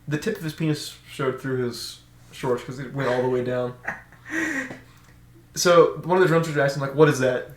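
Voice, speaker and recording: A young man on a podcast telling stories in casual chat, animated and laughing often, acting out shouted orders. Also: mid-range voice, moderate pace, long pauses. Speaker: podcast co-host. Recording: echoey room.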